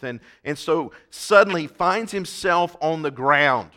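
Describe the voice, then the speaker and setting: A male preacher giving a sermon, talking emphatically, swelling loud on key points and repeating words. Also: fairly high pitch, animated, moderate pace, few pauses.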